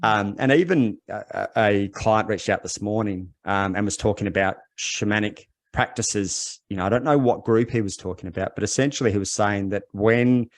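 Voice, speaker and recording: A man speaking as a podcast guest, thoughtful and halting, searching for words as he reflects. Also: fairly low pitch, no echo. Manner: thoughtful, halting, many fillers and restarts. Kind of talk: reflective conversational interview.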